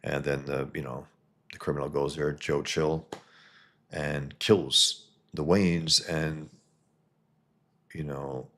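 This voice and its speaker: Very deep husky man chatting about comics. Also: steady tone, takes it slowly, long pauses, a bit bright. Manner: rambling, digressive, many fillers and restarts. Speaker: comic book reviewer and live stream host. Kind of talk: casual live-stream commentary and comic reading.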